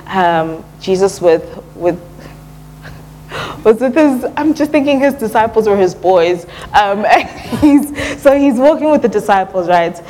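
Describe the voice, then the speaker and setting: A woman's voice: medium pitch, a little hiss or hum, low-quality recording. Young woman giving a casual church talk. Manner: relaxed and conversational, lots of "um" and slang like "yo". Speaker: church speaker. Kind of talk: casual sermon.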